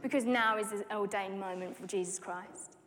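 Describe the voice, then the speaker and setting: A woman preaching a personal testimony sermon, telling the story with lively acted-out dialogue. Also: mid-range voice, moderate pace. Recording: long hall reverb.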